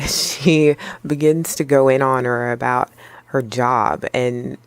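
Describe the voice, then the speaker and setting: A woman hosting her own channel, recapping a film in a relaxed, chatty way with playful slang and jokey asides. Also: very deep voice, takes it slowly, clear, resonant tone, no room sound. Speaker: movie review vlogger. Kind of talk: casual spoken movie review.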